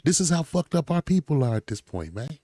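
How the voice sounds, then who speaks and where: A man co-hosting a casual commentary show, loud and animated, laughing and talking in slang. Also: a little high, brisk, dry recording, studio quality. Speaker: co-host.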